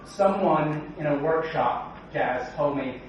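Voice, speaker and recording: Energetic man speaking in an echoey hall. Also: on the high side, slow, slight background noise. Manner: joking, energetic, quizzes the audience. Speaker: conference speaker. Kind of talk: keynote talk. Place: large conference hall. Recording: echoey hall, distant, dull sound.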